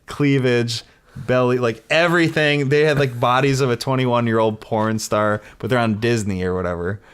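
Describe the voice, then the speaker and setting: An American man on a podcast telling rambling, swear-filled stories with lively emphasis. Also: mid-range voice, normal speed, clean tone. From United States. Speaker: podcast host. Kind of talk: casual podcast chat.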